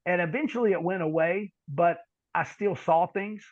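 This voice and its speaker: A middle-aged man telling a long personal story on a podcast, halting and repeating words, then dropping into quiet asides. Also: sits high, dry recording, highs cut off. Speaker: podcast guest. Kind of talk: storytelling in conversation.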